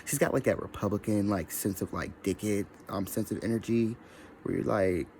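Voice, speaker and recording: Low-voiced man ranting casually. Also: normal speed, darkish tone, a little hiss or hum. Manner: scattered, profane, mimics others in quoted voices. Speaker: social media commentator. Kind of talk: rambling casual vlog rant.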